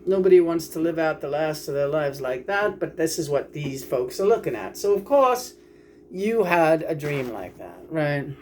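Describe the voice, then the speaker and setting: A woman's voice: sits low, sing-song, moderate pace, a little mellow, a little hiss or hum. Woman ranting, profane and emotional. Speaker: vlogger. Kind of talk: casual monologue.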